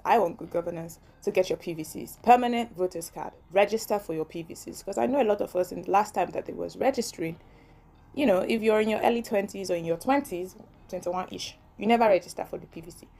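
Nigerian woman, young adult, solo podcast host; chatty, ranty, quick to laugh. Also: medium pitch, darkish tone. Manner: chatty, ranting, laughs often. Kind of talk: casual solo podcast monologue.

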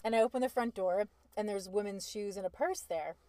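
A woman's voice: mid-range voice, brisk, warm tone, dry recording. A woman in her thirties telling a story in casual chat, blunt and profane, laughing often as she talks.

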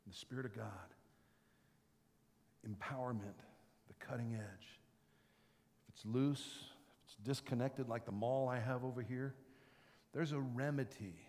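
Dramatic preacher in a reverberant hall. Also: male voice, mid-range voice, measured pace, long pauses. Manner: dramatic storytelling, swinging from shouted to whispered. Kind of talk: sermon.

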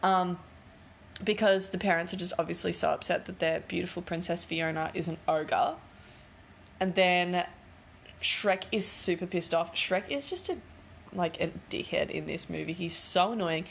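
A woman's voice: lowish voice, moderate pace, gravelly, a little hiss or hum. A woman in casual chat, retelling a film plot in a rambling, giggly way, full of fillers.

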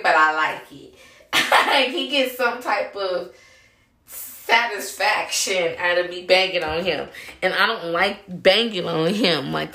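A woman in her thirties hosts a casual podcast from home, talking frankly and laughing often, with plenty of slang and cursing. Her voice is on the low side and gravelly. She sits a little back from the mic, so the room around her comes through with a roomy echo. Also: fairly bright tone, far from the mic. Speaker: podcast host. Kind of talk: casual chat.

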